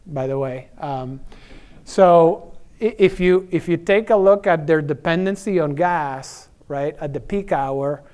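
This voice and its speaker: A middle-aged energy services executive with a clear, resonant voice that sits on the high side gives a conference presentation. His delivery is conversational, full of fillers, repeated words and tag questions.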